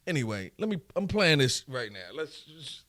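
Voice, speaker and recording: A man's voice: fairly high pitch, sing-song, a little slow, dry recording. A man delivering a heated, profane rant as a live streamer. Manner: profane, heated, swings loud and quiet. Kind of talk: ranting monologue.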